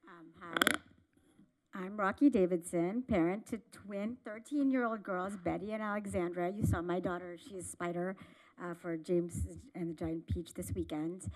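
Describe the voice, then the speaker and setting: A middle-aged woman, a parent, giving a measured, earnest public comment at a city meeting from a podium microphone in a council chamber. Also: on the low side, a little mellow, rough recording.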